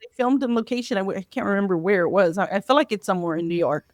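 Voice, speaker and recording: A woman's voice: medium pitch, racing, no echo, studio quality. A woman co-hosting a casual podcast, chatting loosely with many restarts and laughs. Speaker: podcast co-host.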